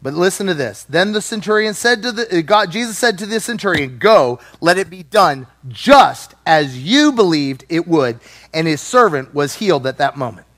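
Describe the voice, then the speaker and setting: A man preaching a sermon with a high, lively voice that swoops all over. He is playful and animated and breaks into acted-out voices as he teaches. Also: normal speed.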